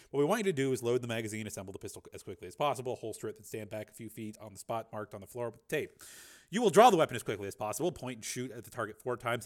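A man voicing a brisk, precise female scientist giving step-by-step instructions. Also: medium pitch, close to an everyday voice.

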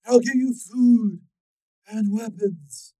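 A slow, booming, high-pitched cyborg killer. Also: male voice, dry recording, rough recording. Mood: menacing. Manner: slow, loud, threatening commands. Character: menacing cyborg man with glowing red eyes, cold and commanding. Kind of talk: audiobook character voice.

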